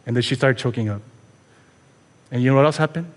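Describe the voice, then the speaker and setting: This man's medium-pitched voice runs fast as he preaches as pastor, earnest and conversational. He presses his listeners with pointed rhetorical questions, and long reverb fills the church sanctuary around him.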